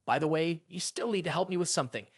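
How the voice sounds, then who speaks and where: A narrator voicing a cocky young male doctor who mocks and schemes, in a lower and quieter voice than the narration. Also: fast talker, slightly rough, dry recording, clean studio sound, natural voice. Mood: smug. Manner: smug, teasing.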